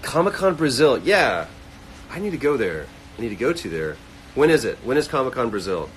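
A man hosting a casual livestream, reading fan comments aloud and answering them quickly. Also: medium pitch, very animated, a little hiss or hum, rough recording. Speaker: livestream host answering chat. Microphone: phone livestream.

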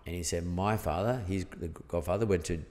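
A man's voice: low voice, fairly quick, dark tone, big-room sound. A middle-aged Australian man telling a rambling anecdote as a podcast guest, acting out the dialogue he quotes. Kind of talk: casual storytelling.

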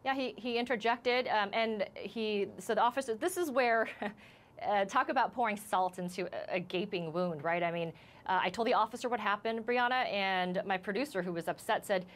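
A woman reporter in a live TV interview, shaken and emotional, speaking haltingly with many restarts. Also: mid-range voice. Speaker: news reporter as guest.

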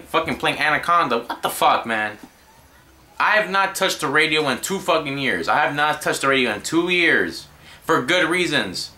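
A man's voice: medium pitch, sharp tone. A young man giving a rambling, exasperated vlog rant, swearing constantly. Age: young adult. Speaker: vlogger. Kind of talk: profane ranting commentary.

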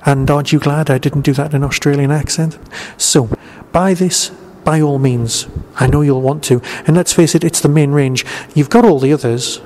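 A man's voice: a little high, fairly even intonation, normal speed, hardly any pauses, darkish tone. A man hosting a podcast, giving a chatty review and asking and answering his own questions. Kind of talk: spoken audio review. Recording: reverberant room with faint noise.

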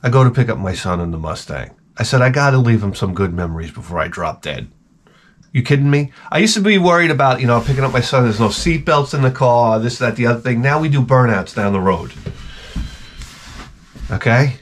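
A man's voice: medium pitch, animated, brisk, slight background noise. Profane rambling male host. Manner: profane, ranting storyteller. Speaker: channel host. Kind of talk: rambling comedic monologue.

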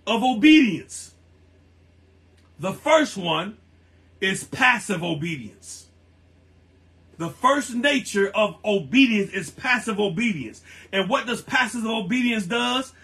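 High, bright-voiced preacher man. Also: poor audio. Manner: emphatic, repeats key phrases slowly for stress. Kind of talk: sermon.

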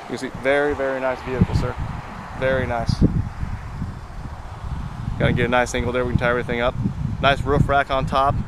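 A man's voice: medium pitch, level tone, brisk, pauses often. A man walking a buyer around a used car as a salesman, repeating "very, very" and addressing the buyer as "sir". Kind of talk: vehicle walkaround video. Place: outdoors at a car lot. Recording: noisy outdoor recording.

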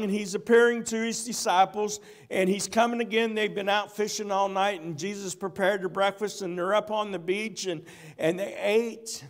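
A male pastor with a notably high, light voice delivers a church sermon. His style is folksy and conversational, and his volume swings from loud emphatic bursts to soft, slowed-down lines. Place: church sanctuary.

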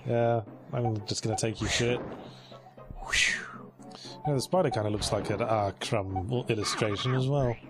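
A man's voice: medium pitch, unhurried, long pauses. Dry, sarcastic man commenting on a game. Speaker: let's play host. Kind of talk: casual let's play commentary. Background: game music.

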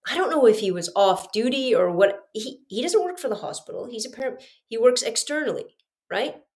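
A woman's voice: on the high side, expressive, brisk, darkish tone. A middle-aged woman, hosting a podcast and telling a personal story in an earnest, confiding way, speaking straight to her listeners. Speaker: podcast host.

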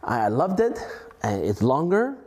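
A man's voice: a little high, huge pitch swings, unhurried, darkish tone. A male clarinetist giving an enthusiastic testimonial about a new instrument. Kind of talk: friendly spoken testimonial.

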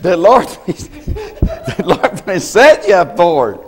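A man, a pastor from the United States, preaching a sermon in a folksy storytelling way and often clearing his throat. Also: high-pitched, huge pitch swings, extremely slow. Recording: long hall reverb.

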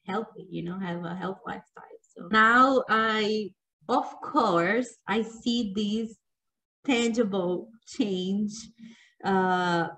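A young adult woman hosting as a health coach, calm and encouraging in casual talk, laughing easily. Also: mid-range voice, slow, poor audio. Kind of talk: casual interview chat.

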